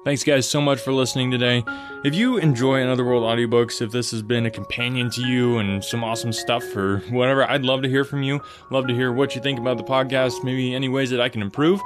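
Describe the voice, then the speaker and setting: A man's voice: mid-range voice, quick pace, over music. Man narrating an audiobook. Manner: even, plain storytelling; casual, friendly outro. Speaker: audiobook podcast host and narrator.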